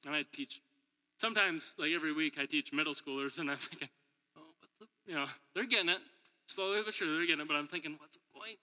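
A man's voice: fairly high pitch, pushed and bright. A man preaching a sermon in a church hall, telling stories in a chatty way, laughing often and acting out what people said. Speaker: preacher and middle school teacher. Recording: long hall reverb.

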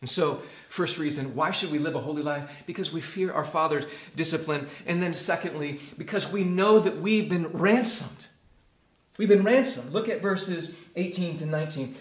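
A man preaching a sermon as a pastor, earnest, dropping to a hush and rising to emphasis. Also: on the high side, moderate pace, roomy sound. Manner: earnest, swings from hushed to emphatic.

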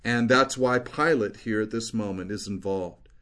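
A man's voice: lowish voice, moderate pace, a bit bright. A man preaching an expository sermon as a pastor, earnestly explaining scripture verse by verse.

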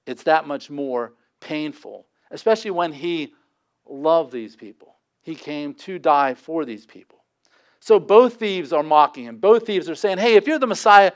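A man preaching a sermon, shifting between forceful emphasis and hushed intensity. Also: a little high. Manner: dynamic preaching, dropping to quiet intensity. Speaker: pastor.

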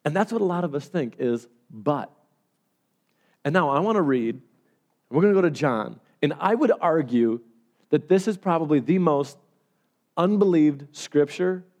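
Preaching as a pastor, this man tells stories in an animated way, moving from loud passages to quiet ones. His pitch runs on the high side.

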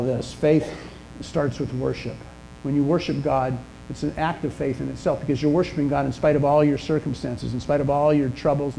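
An older man preaching a sermon in a church, telling stories in a conversational way with pauses and restarts. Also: a little high, gravelly, dark tone, slight background noise, low-quality recording. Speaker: pastor. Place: church sanctuary.

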